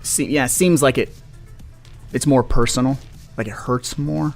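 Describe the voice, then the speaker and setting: A man's voice: mid-range voice, steady tone, normal speed, creaky. A man in a casual film podcast gives his opinions bluntly and offhandedly. His voice sits in a middle range, with faint music underneath. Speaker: podcast co-host.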